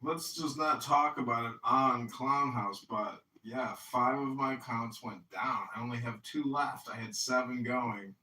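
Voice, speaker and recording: A man's voice: medium pitch, a little slow, hardly any pauses, roomy sound, far from the mic, a little hiss or hum, rough recording. A man hosting a casual chat on an audio app, upbeat and full of slogans. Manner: upbeat, greets loudly, speaks in slogans. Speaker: podcast host and political candidate.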